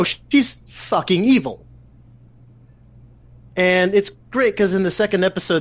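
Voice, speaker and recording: A man's voice: sits high, dry recording. A man co-hosting a casual podcast, animatedly retelling a story with frequent swearing. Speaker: podcast co-host. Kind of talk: casual chat, retelling an anime plot.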